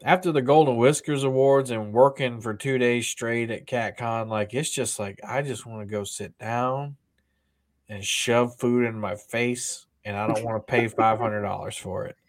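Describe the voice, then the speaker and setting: A man's voice: medium pitch, steady tone, normal speed. A man co-hosting a podcast, chatting casually and rambling with frequent laughs and restarts. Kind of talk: casual chat.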